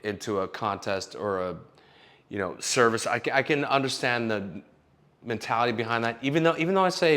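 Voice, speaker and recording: A young man talks through casual advice with lots of energy, swearing freely and tripping over his own restarts. His voice sits at an ordinary middle pitch, and he sounds like a working screenwriter talking straight to camera from home. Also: fairly quick. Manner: animated, swearing, many restarts. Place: Los Angeles home.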